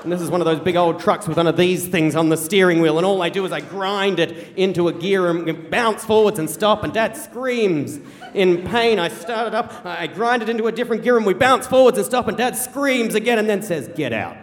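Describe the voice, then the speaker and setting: A man's voice: sits high, brisk. Wry man telling a story in a hall. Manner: wry, animated, acts out quoted voices. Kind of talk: live storytelling on stage. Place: theater stage before an audience. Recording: reverberant hall.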